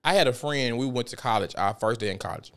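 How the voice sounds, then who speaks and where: A young man from South Memphis with a Memphis Southern accent, hosting a podcast and telling stories in a loose, profane, animated way. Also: medium pitch, fast talker, clear, resonant tone. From South Memphis, Tennessee. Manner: profane, animated storytelling with frequent laughs. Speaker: podcast host. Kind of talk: casual podcast monologue.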